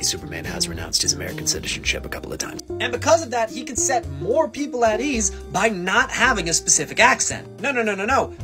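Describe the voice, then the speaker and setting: A creator in their twenties from the US West Coast, ranting casually and comically, swearing often and poking fun at themselves. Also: mid-range voice. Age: 20s. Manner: animated, swears often, self-deprecating. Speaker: TikTok creator. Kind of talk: casual comedic opinion rant.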